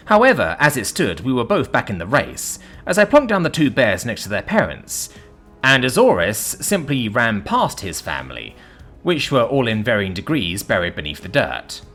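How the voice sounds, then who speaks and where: Male narrator with a husky voice and sweeping intonation, reading a story over faint background music. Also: mid-range voice, normal speed. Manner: lively, dramatic reading. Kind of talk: first-person story narration.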